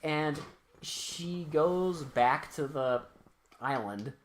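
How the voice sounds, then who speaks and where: Speaking extremely slowly in a voice on the high side, this podcast co-host recaps a film casually, cursing freely, joking and performing the characters' lines. There's slight background noise.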